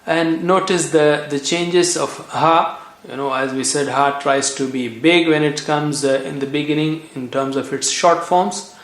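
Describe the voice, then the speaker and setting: Man, somewhat high voice, patient teacher, slow repeated sound drills, echoey room. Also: fairly even intonation. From South Asia. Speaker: Quran reading teacher. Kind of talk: recorded language lesson.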